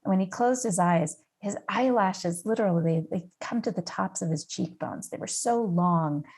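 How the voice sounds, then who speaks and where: Middle aged american woman telling a story on a podcast, lowish voice, easygoing, a few ums. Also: moderate pace. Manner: warm personal storytelling with fillers. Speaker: guest. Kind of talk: storytelling in an interview.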